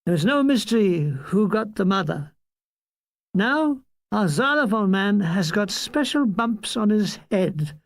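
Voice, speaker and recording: An older woman reading a comic memoir aloud, with a dry, deadpan delivery. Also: medium pitch, a little slow, no room sound. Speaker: reader.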